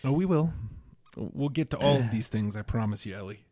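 A man's voice: medium pitch, lively intonation, brisk, noisy background. A man co-hosting a wrestling podcast in casual chat, teasing his co-host playfully.

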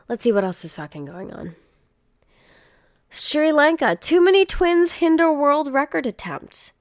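Young woman, podcast host; unhurried, slightly high voice, dry close sound, swears casually while riffing on the news. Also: very animated, dry recording. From Canada. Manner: casual and profane, reads headlines aloud then riffs with blunt commentary. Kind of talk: casual chat reading news headlines.

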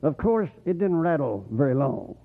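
Animated country preacher on tinny radio. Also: male voice, fairly high pitch, normal speed, creaky. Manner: animated, rambling, rising to excited whoops. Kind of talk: folksy sermon. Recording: tinny phone-like radio broadcast.

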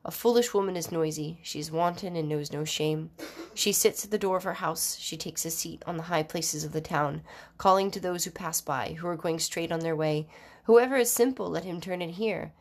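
A woman with a somewhat low voice reads scripture aloud. Her delivery is measured and formal, and she sometimes stumbles and restarts a word. It is an unhurried, plain recitation of scripture. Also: steady tone. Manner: measured, formal reading with occasional slips and restarts. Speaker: scripture reader. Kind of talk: Bible reading aloud.

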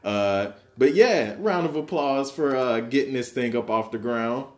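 A man's voice: medium pitch, expressive, a little slow, heavy background noise. Laid-back young man hosting a podcast. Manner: laid-back, joking, slangy. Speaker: podcast host. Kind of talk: casual chat.

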